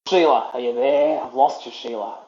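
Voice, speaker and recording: A man in his thirties with an Australian accent, rambling excitably in slangy, joking banter with a voice assistant. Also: medium pitch, normal speed, echoey room, highs cut off. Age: 30s.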